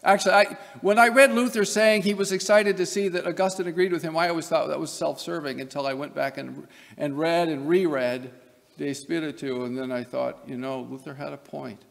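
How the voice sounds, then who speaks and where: A man's voice: on the high side, fairly even intonation, fairly quick, vocal fry. A man from Nebraska giving an academic lecture as a seminary professor, emphatic, with wry asides. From Nebraska, USA. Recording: long hall reverb.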